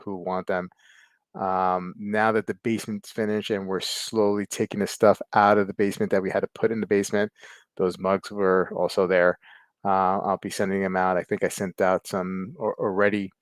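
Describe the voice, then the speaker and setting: A man hosting a casual livestream chat, rambling, laughing often, and filling pauses as he reads viewer comments. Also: on the low side, no echo. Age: adult with kids. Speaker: livestream host.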